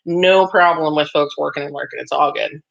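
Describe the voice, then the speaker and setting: Gravelly, a bit bright, and low-pitched, this woman's voice keeps fairly even intonation at a moderate pace. She hosts a casual craft livestream, chatting as she reads and answers viewer comments, with frequent laughs and filler ums. The sound is slightly dull and lo-fi.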